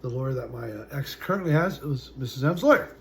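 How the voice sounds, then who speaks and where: A man in his forties telling his own story as a vlogger, halting and full of fillers, his sentences often trailing off quietly. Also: mid-range voice, lively intonation, a little hiss or hum. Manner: halting, full of "uh" and "you know", trailing off softly. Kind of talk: personal storytelling to camera.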